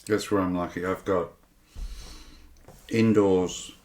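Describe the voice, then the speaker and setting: A man speaking as a podcast guest in casual chat, calm and measured. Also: low-pitched. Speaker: archery range owner, guest. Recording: roomy echo.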